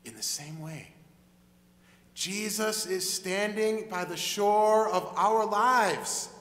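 A male pastor delivers a conversational sermon and acts out the story as he goes. His voice is high and bright. It echoes through a large hall with a long reverb. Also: animated, slow pace.

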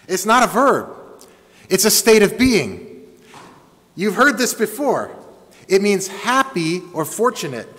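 Lively preaching man in reverberant hall. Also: sits high, slow, pauses often. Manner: lively, emphatic preaching with call-and-response. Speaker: pastor. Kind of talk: sermon. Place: church sanctuary.

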